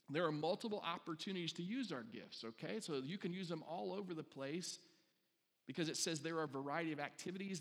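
A man's voice: fairly high pitch, fairly bright tone. Guy preaching a sermon, chatty, keeps asking the crowd stuff, big echoey hall. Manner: conversational, asks the congregation questions, acts out little voices. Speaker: pastor.

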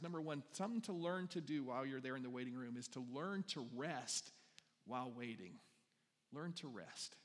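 A man's voice: fairly high pitch, a bit bright. Conversational male pastor in a reverberant hall. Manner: conversational, asks the congregation questions; acts out quoted lines with rising energy. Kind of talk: sermon.

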